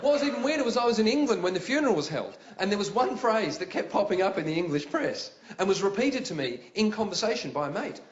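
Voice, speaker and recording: A man with an Australian accent performing a stand-up comedy routine, telling stories animatedly and bursting into yells. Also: sits high, fast, hardly any pauses. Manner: animated storytelling, acts out voices, big yelling bursts. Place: live venue with audience laughter. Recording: roomy live venue sound with loud ambience.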